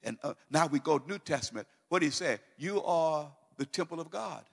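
A man preaching a sermon, moving from calm teaching to loud, fervent declarations full of repetition. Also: on the high side, moderate pace, gravelly, long reverb tail.

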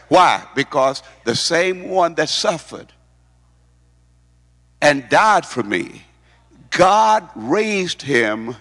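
Male preacher, high voice, emphatic sermon delivery, long hall reverb. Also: pushed and bright. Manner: emphatic, repeats words, asks the congregation questions.

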